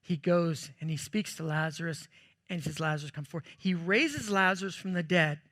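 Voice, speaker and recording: A man preaching a sermon as pastor, telling stories in a jokey, animated way with sudden loud bursts. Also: sits high, moderate pace.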